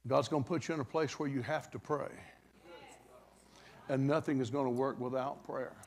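A man's voice: mid-range voice, fairly even intonation, moderate pace, a little mellow. An older man preaching a revival sermon, telling a folksy story in a conversational way with dramatic bursts.

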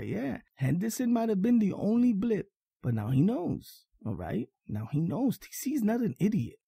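This is a man hosting a sports fan podcast, his voice deep-toned, mellow and husky. He talks emphatically, repeating his points and often asking "all right?" The sound is dry and close. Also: huge pitch swings, moderate pace, dry recording. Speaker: podcast host. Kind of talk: casual sports fan monologue.

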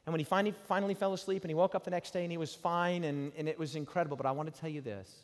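A man in his forties preaching a sermon and telling a personal story, swinging from loud bursts to hushed tones. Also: fairly high pitch, steady tone, rapid-fire. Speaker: pastor. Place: large hall. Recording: hall reverb from live sermon.

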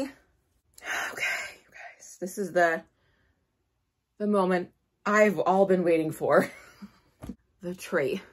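A woman hosting a casual unboxing vlog, gushing and excitable, with gasps and squeals. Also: fairly low pitch, breathy edge. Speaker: vlogger host.

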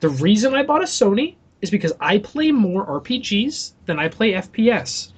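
A man's voice: high voice, big pitch swings, moderate pace, breathy edge. A young adult man co-hosting a casual podcast, ranting animatedly and swearing freely. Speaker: podcast co-host.

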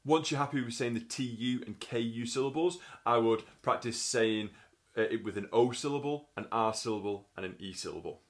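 A man's voice: mid-range voice, fairly quick. A man explaining brass tonguing technique in a methodical teaching style, often sounding out syllables. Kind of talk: instructional tutorial.

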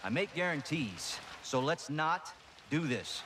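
An actor playing a cool, smug mercenary commander who speaks in a calm, measured, menacing way. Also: male voice, a little high. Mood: coolly menacing. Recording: rain noise behind game audio.

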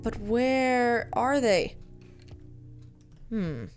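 A let's-play gamer, a woman gives casual gameplay commentary, muttering to herself in a playful, easily amused way. Her slightly high voice is expressive, with drawn-out words, and music plays underneath.

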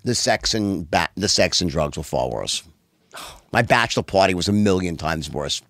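A middle-aged man telling wild stories as a podcast guest, profane and animated, acting out quotes in a high voice. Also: normal speed, no room sound, clean studio sound. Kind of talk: casual storytelling interview.

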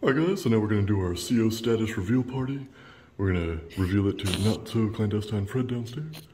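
A man's voice: on the low side, a little fast, warm tone, a little hiss or hum. A man filming in a public building, talking to officials in a sarcastic, mock-official, joking way. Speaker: first amendment auditor.

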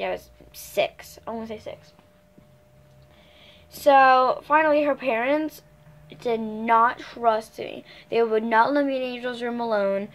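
Rambling teen girl telling a storytime. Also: fairly high pitch. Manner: rambling, self-correcting, lots of fillers. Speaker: vlogger. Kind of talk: casual storytime chat.

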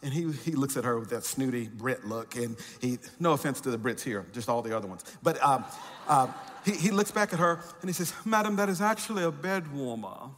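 A man's voice: mid-range voice, animated, fairly quick, fairly bright tone. A male pastor giving a sermon with conversational, humorous storytelling and frequent fillers. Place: church. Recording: church hall with long reverb.

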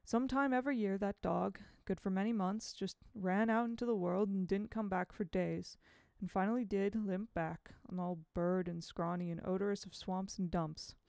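Gravelly woman reading a novel aloud. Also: mid-range voice, no echo. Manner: measured, expressive reading. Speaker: audiobook narrator. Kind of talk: audiobook narration. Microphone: home microphone.

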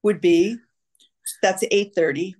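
A woman's voice: medium pitch, slow pace. A woman, an actress, chatting as an interview guest and telling stories animatedly, sometimes slipping into little voices. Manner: animated storyteller, slips into voices. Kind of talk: casual chat.

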